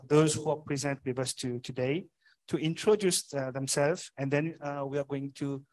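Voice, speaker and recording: A man runs a live panel discussion at a conference. His voice sits fairly high and he speaks slowly. He pauses often and restarts his sentences. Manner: halting, many fillers and restarts. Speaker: panel moderator. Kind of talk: hesitant live event moderating. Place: conference hall.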